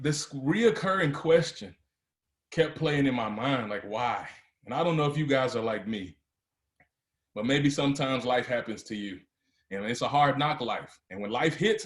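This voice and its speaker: A man's voice: a little high, reverberant. A man giving a motivational speech to a live audience, telling his story and building to emphatic, rising peaks. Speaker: motivational speaker.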